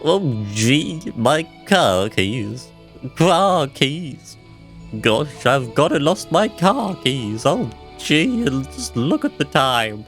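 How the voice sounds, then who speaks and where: A man's voice: medium pitch, big pitch swings, slow, a bit bright, soft background music, pitched above the performer's own voice, heavily acted. A man voicing a fussy, flustered small-town man with old-fashioned exclamations, reading game dialogue live. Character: flustered small-town man who lost his keys.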